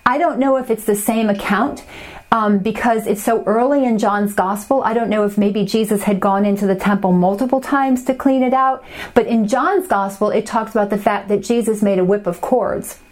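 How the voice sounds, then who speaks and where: A woman's voice: medium pitch, normal speed. A young adult woman teaching a Bible study, reading scripture passages aloud and then explaining them in a conversational way.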